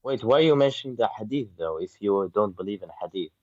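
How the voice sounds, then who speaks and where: A man's voice: lowish voice, lively intonation, fast talker, darkish tone, dull audio. A man calling in to a debate, earnest and defensive as he pushes back. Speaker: caller.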